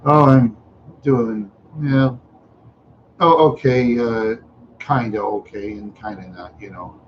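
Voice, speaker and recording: A tired man hosting a casual livestream yawns as he rambles, full of fillers and trailing asides. His mid-range voice is steady and slow, and the lo-fi sound carries slight background noise.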